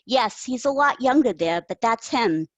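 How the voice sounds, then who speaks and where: A woman's voice: a little high, expressive, normal speed, dry recording, pitched above the performer's own voice, rough recording. Woman reading as an insecure, hopeful woman. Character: insecure adult woman, self-doubting, hopeful. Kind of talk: reading own fiction aloud.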